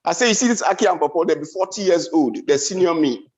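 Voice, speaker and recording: Nigerian pidgin comedian guy, high pitched, storytelling big and bouncy, kinda muffled audio. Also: animated, quick pace, darkish tone. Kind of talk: stand-up comedy.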